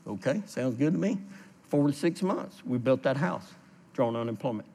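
Animated pastor preaching. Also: male voice, medium pitch, normal speed, gravelly. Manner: storytelling, animated, laughs at his own story; reads scripture aloud and explains it. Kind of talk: sermon.

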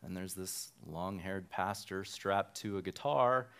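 Tired-voiced pastor, lowish smooth tone. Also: male voice, a little slow, fairly bright tone. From Nevada, USA. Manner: casual, self-deprecating storytelling. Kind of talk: sermon with personal stories. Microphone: handheld microphone.

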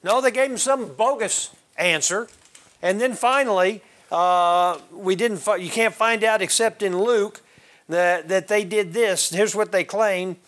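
A man's voice: high-pitched, unhurried, a bit bright. A man teaching a Bible class, quizzing his listeners and calling on them by name. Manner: questions the class and calls on members by name.

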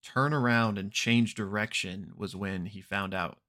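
Low-voiced man recapping an episode. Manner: relaxed, unhurried retelling with frequent ums and throat clearing; briefly acts out characters' lines in quoted voices. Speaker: podcast host recapping an actual-play episode.

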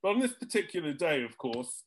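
A man's voice: fairly high pitch, sing-song, fairly quick. Older man telling a dry studio anecdote. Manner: dry comic timing, acts out other people's lines. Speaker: jingle composer telling studio stories. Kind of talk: anecdotal storytelling chat.

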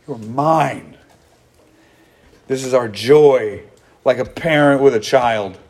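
A man's voice: medium pitch, slow, darkish tone. A man preaching a sermon to his congregation, earnest and conversational, often acting out what people say. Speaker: pastor.

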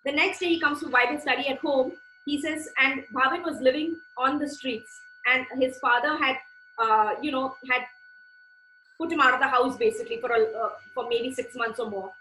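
A woman's voice: sits high, normal speed, bright, forceful tone, echoey room, slight background noise, low-quality recording. A woman preaching a sermon with fervent, conversational delivery and repeated phrases.

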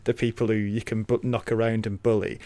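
A man talks casually through a podcast chat, stopping often with ums and starting his sentences over. His voice sits at an ordinary pitch, recorded dry and close to the mic with no room sound. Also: level tone, brisk, warm tone, no room sound. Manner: hesitant, many fillers and restarts. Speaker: podcast co-host.

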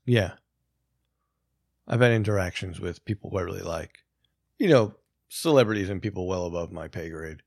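A man's voice: deep voice, normal speed, creaky, pauses often, a little mellow, dry recording. A man hosting a podcast, chatting casually with a wry, dry humor. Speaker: podcast host. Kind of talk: casual chat.

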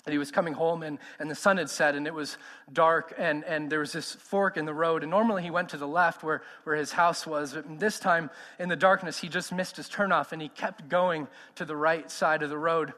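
A man's voice: on the high side, fairly even intonation, brisk, sharp tone, big-room sound. A man in his thirties preaching a sermon, emphatic and conversational, putting questions to the congregation. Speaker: pastor.

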